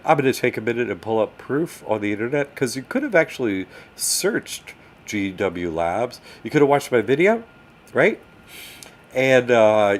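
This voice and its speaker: A man hosting a live stream, talking casually to chat while he struggles with his screen. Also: medium pitch. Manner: animated, talks to chat while fumbling with the screen. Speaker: livestream host answering chat. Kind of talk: casual livestream talk.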